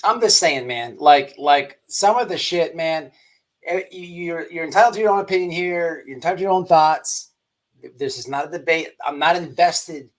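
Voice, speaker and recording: A man's voice: on the high side, moderate pace. A man hosting a livestream commentary show, rambling and emphatic with many restarts. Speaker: host.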